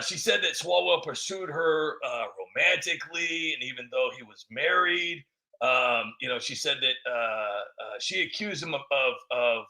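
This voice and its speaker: Bright-voiced man rambling in mockery. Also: fairly high pitch, creaky. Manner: rambling, mocking, many fillers. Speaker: vlogger. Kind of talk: political commentary vlog.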